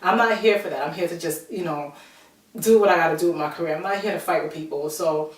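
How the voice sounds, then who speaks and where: A woman telling a personal story to her viewers in a chatty, animated way, acting out the people she quotes. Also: low voice, fast. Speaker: vlogger. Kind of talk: casual storytelling to camera. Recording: roomy echo, from a distance.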